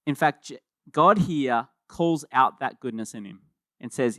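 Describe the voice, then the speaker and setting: A man preaching a sermon as pastor, in a conversational and animated way, often repeating words as he starts a thought. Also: medium pitch, measured pace, no room sound, clean studio sound.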